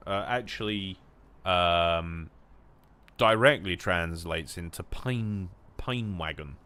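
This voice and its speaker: A young English man chatting casually while gaming, jokey and rambling, with some swearing and bursts of loud mock shouting. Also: sits low, measured pace, clear, resonant tone. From England. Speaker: gaming streamer.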